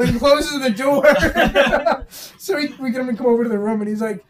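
A woman's voice: high voice, steady tone, normal speed. A young woman co-hosting a casual student podcast, telling a story animatedly and swearing a lot. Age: young adult. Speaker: podcast co-host. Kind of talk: casual chat. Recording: distant from the mic.

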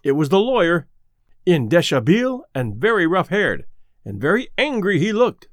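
Lively male storyteller, dry sound. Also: high voice, moderate pace, no room sound. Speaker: narrator. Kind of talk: audiobook narration.

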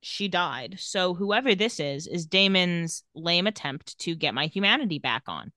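A podcast co-host with a lowish, expressive, unhurried voice and a sharp tone runs through a TV episode in a casual way. She retells the scenes and reads the characters' lines with a light sarcastic edge, and the studio sound is clean with no room sound.

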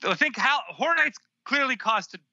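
A man chatting casually as a podcast guest over a remote call, animated and quick to laugh. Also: very high-pitched, gravelly, dry recording, lo-fi sound. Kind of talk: casual chat.

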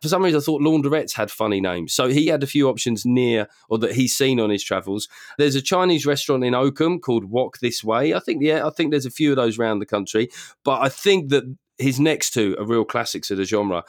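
A man hosting a comedy podcast, riffing and teasing with a quick joking manner. His voice sits at an ordinary pitch for a man, and the sound is dry and close with no room around it. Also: lively intonation, no echo. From South London. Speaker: podcast host. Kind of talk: casual comedy chat.

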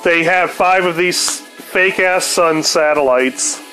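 A man's voice: a little high, slow, pushed and bright, soft background music. A man telling a rambling, profane story on his podcast, laughing now and then. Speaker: podcast host. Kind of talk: casual storytelling monologue.

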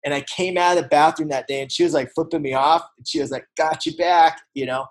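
A man in his forties giving a personal recovery testimony, telling a family story earnestly, growing hushed at the tender parts. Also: fairly high pitch, fairly even intonation, quick pace, rough recording. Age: 40s. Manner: earnest, storytelling, shifts to hushed when emotional. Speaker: recovery speaker.

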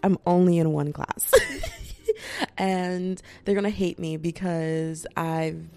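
A woman's voice: lowish voice, slow, mellow, soft background music. A young woman in her twenties hosting a casual podcast from bed, tired, loose and profane, slipping into voices when she quotes people. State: fatigued. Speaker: podcast host. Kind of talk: casual chatty podcast monologue. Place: lying in bed indoors.

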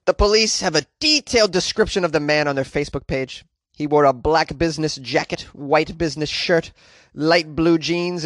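An energetic American man riffs on odd news stories with quick wisecracks and frequent laughter. His voice sits a little high for a man. The sound is close and dry, with no room around it. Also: dry recording. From United States. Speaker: podcast host. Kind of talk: comic news commentary.

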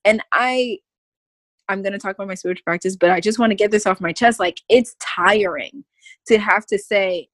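Woman guest on a podcast, goofy n emphatic, mid-pitched voice, dry close sound. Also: moderate pace, fairly bright tone, dry recording. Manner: emphatic and goofy, breaks into laughter. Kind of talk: casual conversation.

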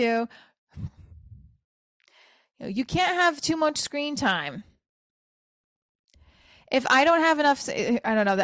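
A woman's voice: on the high side, a bit bright, no echo. A woman, hosting a podcast in a rambling, profane, self-deprecating monologue. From New Jersey. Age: 40s. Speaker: podcast host and comedian. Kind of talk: casual solo podcast monologue.

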